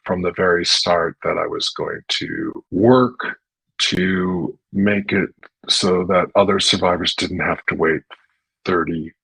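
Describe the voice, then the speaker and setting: Middle-aged guy, low gravelly voice, kinda husky, earnest rambling interview chat. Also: slow, no room sound, poor audio. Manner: earnest, animated storytelling with many restarts. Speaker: interview guest.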